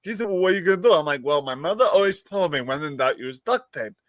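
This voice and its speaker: A podcast host with a slightly high, bright, expressive voice talks fast in a dry recording with no room sound. On his live-streamed chat show he tells a long, rambling story, laughing often and acting out what other people said.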